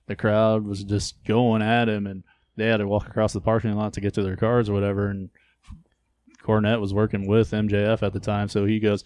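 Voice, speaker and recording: Man, mellow lowish voice, flat delivery, matter-of-fact, casual podcast. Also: a little fast, no echo. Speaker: podcast co-host. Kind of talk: casual wrestling chat.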